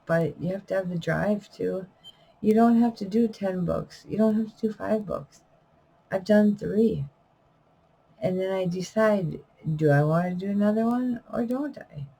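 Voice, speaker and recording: Slow, gravelly middle-aged woman, rambling. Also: mid-range voice, dark tone, rough recording. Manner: rambling, trailing off with fillers and self-corrections. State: wheezing, coughing. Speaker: vlogger and self-published poet. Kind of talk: unedited casual talk to camera.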